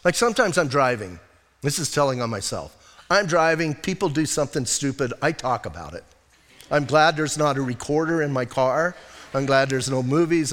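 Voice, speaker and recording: Man, middle-aged pastor, conversational sermon, high voice, long church-hall reverb. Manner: animated, joking, candid about his own faults.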